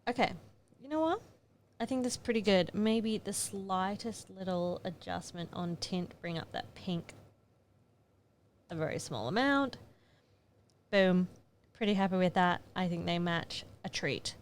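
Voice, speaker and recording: Here a woman photographer narrates her editing process casually, chatty and murmuring to herself while she works through a tutorial. Her voice is lowish and unhurried.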